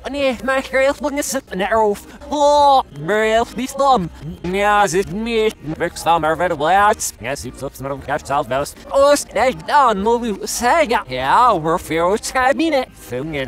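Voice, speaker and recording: A man in excited gaming chatter, firing off quick shouty callouts while he plays. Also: high-pitched.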